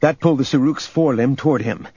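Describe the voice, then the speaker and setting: A man reading a story aloud as narrator, in a steady, measured way. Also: medium pitch, breathy edge, no echo. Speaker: audiobook narrator. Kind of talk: scripted narration. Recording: dull lo-fi recording, faint music.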